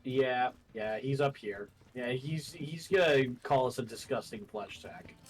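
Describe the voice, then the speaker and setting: Male VTuber co-player, middle pitch, casual, sweary, guiding the play. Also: a little slow, faint music behind. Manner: laid-back, joking, swears, guides the play. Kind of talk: casual game-stream banter.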